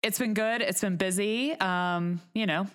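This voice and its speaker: A woman from Texas chats easily about her busy week, her voice smooth and resonant at a middle pitch. She talks in a relaxed, casual way, now and then slipping into livelier voices to quote others. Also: unhurried. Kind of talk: casual chat. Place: home in Colorado.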